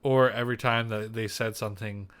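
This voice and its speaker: Young man, podcast co-host, casual chat, rambling, bright tone. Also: on the low side, fairly even intonation, fairly quick. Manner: rambling, many fillers and restarts.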